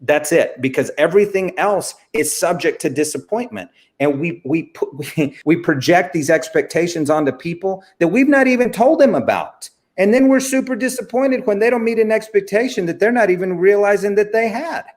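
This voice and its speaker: A man's voice: high-pitched, expressive, moderate pace, hardly any pauses. A man as a guest in an interview, talking earnestly and a little like a preacher, often calling the listener "friend". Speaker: guest speaker. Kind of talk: casual faith interview.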